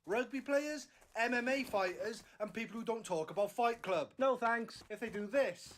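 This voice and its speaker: A man's voice: very high-pitched, normal speed, fairly bright tone. A man doing a comedy monologue, listing exceptions in a sarcastic, mock-earnest way. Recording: noisy recording.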